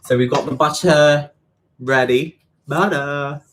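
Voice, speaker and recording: Slightly high and a bit bright, this man's voice stays steady and slow over some light background noise. He's an East Londoner livestreaming his home baking, chatting to himself, poking fun at himself, and repeating quantities as he goes.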